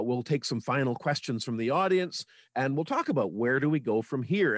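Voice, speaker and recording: A man from Manitoba, Canada, talks as a radio interview guest in an earnest, informative way. He has a middle-pitched voice, and the recording is close and dry, with no room sound. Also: no echo. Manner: earnest and informative, with small restarts. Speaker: radio guest on local history.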